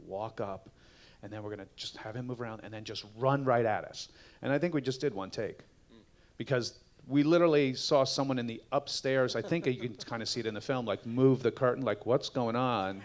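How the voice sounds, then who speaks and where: A middle-aged actor on a fan panel, telling casual anecdotes and acting out the lines of other people. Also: male voice, medium pitch, a little fast. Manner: animated, acts out quotes. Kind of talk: casual storytelling Q&A.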